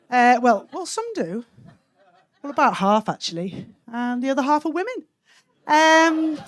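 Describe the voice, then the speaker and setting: A woman from Wales performing a cheeky stand-up set, landing punchlines deadpan on a comedy club stage. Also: high-pitched, no echo.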